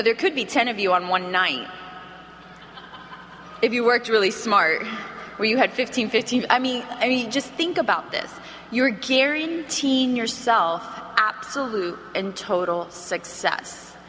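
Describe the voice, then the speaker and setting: A woman giving an energetic, animated sales training talk to an audience in a large hall, acting out phone calls as she goes. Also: on the high side. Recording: reverberant hall, faint background noise.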